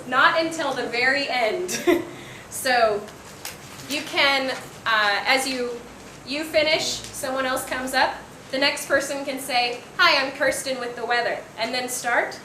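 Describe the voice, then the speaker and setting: A woman English teacher gives feedback to her class in an encouraging way, slipping in ums and small laughs. Her voice sits a little high. The room is echoey, with a faint background hum. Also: pushed and bright.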